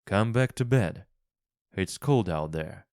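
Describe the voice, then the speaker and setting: A man's voice: lowish voice, animated, takes it slowly, a little mellow, no echo, clean studio sound. A man playing a tired, fearful old man who pleads urgently and firmly. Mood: puzzled.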